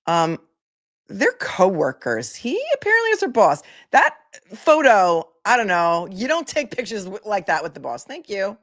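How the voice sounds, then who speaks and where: A woman's voice: medium pitch, huge pitch swings, normal speed, a bit bright. A woman attorney giving casual commentary, chatty and incredulous, reading posts aloud. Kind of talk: casual commentary on a legal case.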